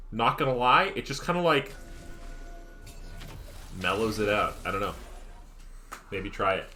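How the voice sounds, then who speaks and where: Lively young male esports caster. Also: medium pitch, a little hiss or hum. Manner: chatty, laughs easily, reads chat aloud. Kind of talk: live esports commentary. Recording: jazz music playing behind.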